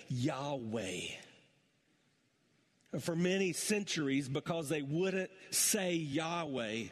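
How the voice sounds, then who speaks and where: A man's voice: a little high, big-room sound. A male pastor preaching a sermon, building in intensity and putting rhetorical questions to his congregation.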